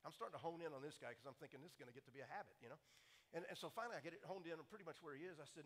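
A man's voice: fairly high pitch, expressive, very fast, fairly bright tone. A man giving a sermon-style talk in a large hall, telling a story with emphatic repetition. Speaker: speaker on creation.

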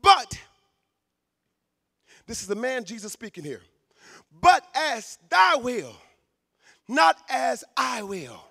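A man preaching a sermon in a church, fervent, shouting for emphasis and stumbling over repeated words. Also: very high voice, big pitch swings, takes it slowly, creaky, pauses often, dry recording, clean studio sound.

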